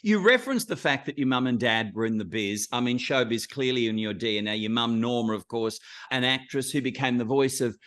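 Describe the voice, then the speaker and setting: A man's voice: mid-range voice, fairly quick, few pauses, a bit bright. A man hosting a celebrity interview, asking prompting questions and affirming his guest. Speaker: interview host.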